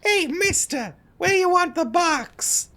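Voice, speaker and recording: A man's voice: very high-pitched, expressive, slow pace, bright, forceful tone, pitched above the performer's own voice, full character voice. A man voicing a pushy, crude male delivery man. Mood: brash.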